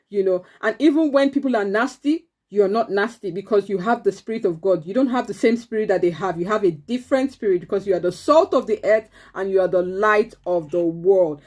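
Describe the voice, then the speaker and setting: A woman's voice: medium pitch, fairly quick, hardly any pauses, a little mellow. A woman teaching an online church class for preteens, encouraging them and repeating their answers back. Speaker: Sunday school teacher.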